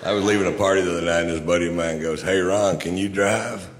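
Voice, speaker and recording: A man doing deadpan stand-up, in a live club recording with reverb and noise. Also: sits low, quick pace. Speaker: stand-up comedian. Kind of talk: stand-up storytelling.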